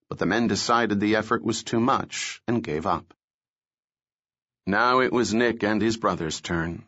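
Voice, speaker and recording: A man reading a novel aloud as an audiobook, telling the story in a steady, measured way. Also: on the low side. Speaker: narrator. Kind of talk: scripted audiobook narration. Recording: dull lo-fi recording.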